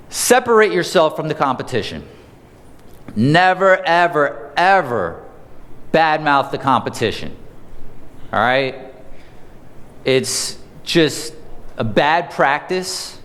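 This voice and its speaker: Male sales trainer, fairly high voice, punchy live-seminar delivery, long hall echo. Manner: energetic, conversational, asks the audience questions. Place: seminar room.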